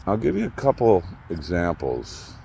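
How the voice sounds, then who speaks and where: A middle-aged man hosting his own channel, ranting unscripted to the camera, blunt and profane, swinging from loud outbursts to low muttering. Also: wildly swooping pitch, normal speed, creaky, slight background noise. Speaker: YouTube channel host.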